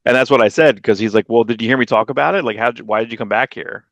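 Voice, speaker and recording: A man co-hosting a comics podcast in casual chat, rambling through stories and acting out quotes with sudden leaps in pitch. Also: very fast, vocal fry, no room sound. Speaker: podcast co-host.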